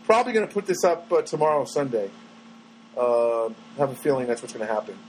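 A man's voice: medium pitch, sing-song, fairly quick, a little mellow, slight background noise, poor audio. A middle-aged man hosting his own podcast, rambling and self-mocking and now and then breaking into a sung snatch. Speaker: podcast host. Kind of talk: rambling solo podcast monologue.

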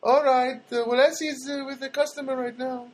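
Thick-accented phone agent lady, high and flat, reciting her script, a guy puts her on. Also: normal speed.

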